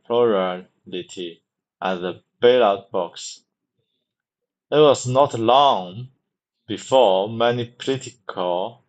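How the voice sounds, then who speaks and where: Man, lowish voice, very slow, halting, repeats words, reading practice. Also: rough recording. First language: Mandarin. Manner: halting, repeats words many times, restarts. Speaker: reader practicing English. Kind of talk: reading a book aloud for pronunciation practice.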